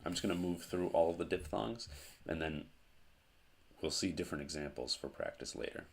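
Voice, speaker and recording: A man teaching a language lesson at a board, explaining slowly with pauses and restarts. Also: low-pitched, a little hiss or hum. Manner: slow, halting explanations with fillers and restarts. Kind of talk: whiteboard lesson.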